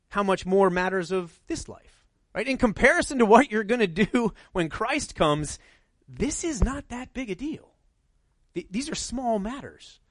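High-voiced conversational male pastor. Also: no room sound. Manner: conversational, rhetorical, asks "right?" often. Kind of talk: sermon.

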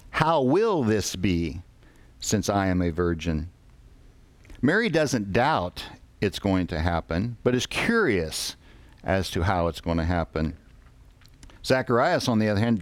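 A man preaching a sermon, reading scripture slowly and deliberately with pauses. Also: fairly low pitch, no room sound.

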